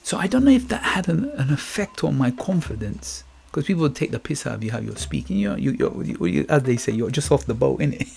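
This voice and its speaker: A man's voice: on the high side, big pitch swings, a little fast, gravelly, few pauses, a little mellow, slight background noise. A middle-aged man from Guyana with a Guyanese Caribbean accent, hosting a reflective motivational podcast monologue, musing, repeating words and checking in with "you get me?". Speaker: podcast host. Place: England.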